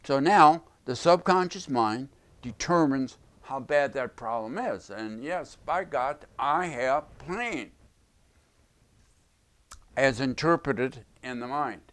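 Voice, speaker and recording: Slow, emphatic male lecturer. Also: medium pitch, animated, fairly bright tone. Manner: emphatic, repeats key phrases. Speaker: self-help teacher. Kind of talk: explanatory video lecture.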